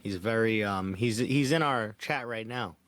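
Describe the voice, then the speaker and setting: A man hosting a casual podcast chat in a playful, animated way. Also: fairly low pitch, measured pace, dry recording. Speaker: podcast host.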